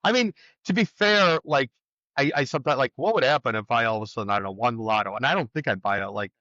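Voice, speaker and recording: Chatty co-host man, bright voice, muffled dry audio. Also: medium pitch, expressive, fast, no room sound. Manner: agreeable, chatty, lots of "like" and "yeah". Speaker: podcast co-host. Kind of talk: casual chat.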